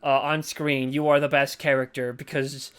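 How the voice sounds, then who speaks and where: A man co-hosting a movie review podcast, chatting casually and joking, with a smooth voice. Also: mid-range voice, flat delivery. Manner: jokey, quick riffs with mock voices. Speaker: podcast co-host.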